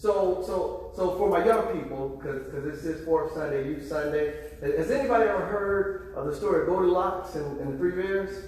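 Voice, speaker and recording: A man's voice: fairly high pitch, normal speed, few pauses, darkish tone. A man preaching a sermon to his congregation, often repeating words as he restarts, and calling out for responses. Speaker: pastor. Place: church sanctuary. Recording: echoey hall, far from the mic.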